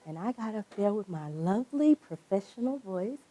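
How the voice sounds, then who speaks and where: A woman's voice: medium pitch, normal speed. A woman from Mississippi presenting an interactive workshop in a conference breakout room, telling stories and laughing with the group. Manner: animated, laughing, storytelling.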